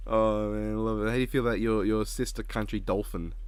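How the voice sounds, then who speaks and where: A man's voice: on the low side, steady tone, brisk, a loud crowd. A man hosting a casual reaction chat, laid-back and rambling with frequent giggles. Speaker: channel host.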